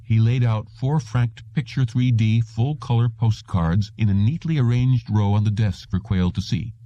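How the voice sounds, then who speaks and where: An audiobook narrator with a dark, medium-pitched voice reads a scripted story at a moderate pace. The recording is dull, dry and lo-fi, with no room sound.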